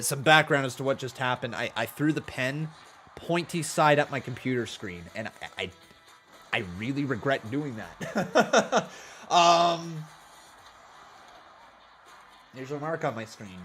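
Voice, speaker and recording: A man from Ontario with a Canadian accent, hosting a live watch-along and chatting with viewers. He is excitable, laughs often and whoops loudly when donations come in. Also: mid-range voice, a little slow, soft background music. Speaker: live stream host.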